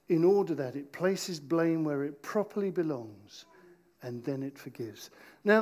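A man preaching an interactive sermon in church, playful with his volunteers and slowing down to stress key points. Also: high voice, warm tone. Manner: playful, slows down for emphasis.

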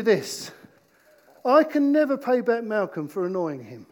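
A man preaching an interactive sermon in church, playful with his volunteers and slowing down to stress key points. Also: high voice, big pitch swings. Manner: playful, slows down for emphasis.

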